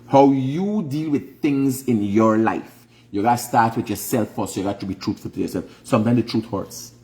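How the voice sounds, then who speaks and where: A middle-aged Guyanese man with a Guyanese Creole English accent hosts a casual online livestream, lecturing emphatically in a preachy monologue full of rhetorical questions. His voice is medium in pitch and darkish in tone, moving at a normal speed.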